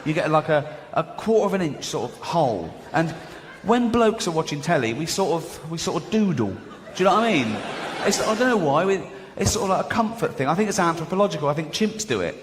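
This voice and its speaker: A man's voice: on the high side, expressive, a little fast, in a large hall, slight background noise. A man doing a stand-up comedy routine, chatty, full of rambling asides and "you know what I mean".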